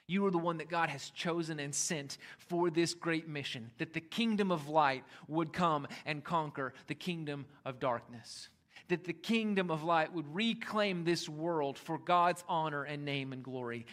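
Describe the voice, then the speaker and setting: High-voiced man preaching a lively sermon. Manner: conversational preaching with emphatic rises and quiet drops. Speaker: pastor.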